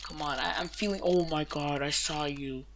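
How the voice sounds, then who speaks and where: A woman hosting a gaming channel, giving excited case-opening commentary, gasping, exclaiming and swearing freely. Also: low voice, moderate pace, a little hiss or hum.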